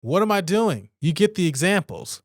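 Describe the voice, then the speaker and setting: This solo podcaster's pitch swings widely at a normal speed, captured in a dry, studio-quality recording. He reads items out and rants over them in a relaxed, cursing style, adding asides and occasionally squeaking up in exasperation.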